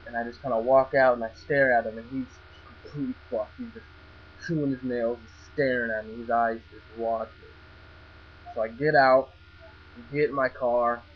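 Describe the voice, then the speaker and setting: In this dull, lo-fi clip with a faint mains hum, a young man who vlogs tells a story in a casual way. His mid-range voice holds a steady tone at normal speed, and he stammers, restarts and swears freely as he goes.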